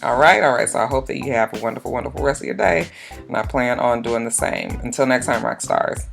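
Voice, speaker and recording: A woman recapping a reality TV episode on her vlog, loud and profane, laughing and acting out the cast's lines. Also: fast talker, creaky, over loud music. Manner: loud, profane, laughing, swinging from low mutters to high shrieks; acts out the cast members' lines in quoted voices. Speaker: YouTube reality-TV reviewer.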